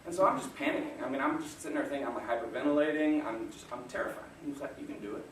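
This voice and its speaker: A man's voice: a little high, very fast, a bit bright, slight background noise. A man giving a motivational talk to an audience, telling self-deprecating stories and chuckling often. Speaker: guest speaker. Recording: echoey room, distant mic.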